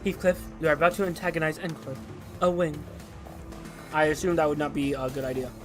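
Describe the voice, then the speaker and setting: A man voicing a calm, collected young woman who explains things precisely and quietly. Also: on the high side, fairly quick, over music, close to an everyday voice.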